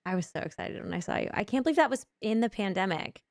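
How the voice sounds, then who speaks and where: A woman's voice: mid-range voice, expressive, quick pace, no echo, studio quality. A woman in her thirties hosting a podcast, chatting with a guest enthusiastically and asking leading questions. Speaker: podcast host, actress. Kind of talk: casual interview chat.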